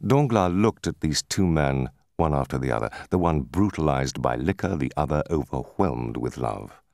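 A man narrating a classic novel in a measured, expressive storytelling voice. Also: a bass voice, gravelly, no room sound, studio quality. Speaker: audiobook narrator.

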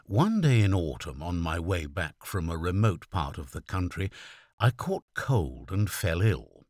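A man narrating a classic story as an audiobook, in a measured, expressive storytelling manner. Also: sits low, no echo, studio quality.

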